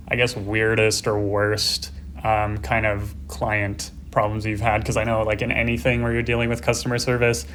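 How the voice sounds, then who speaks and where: A man with a lowish voice hosts a casual podcast interview. He asks questions in a loose, meandering way and keeps the guest going with short replies, over a faint background hiss. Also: a bit bright. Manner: easygoing, frequent short backchannel replies. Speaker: podcast host.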